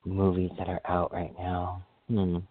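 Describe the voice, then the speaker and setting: A man hosting a solo podcast, chatting casually in an excitable, rambling way and often apologizing for going off track. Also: low-pitched, a little slow, noisy background. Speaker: podcast host. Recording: dry, phone-like sound.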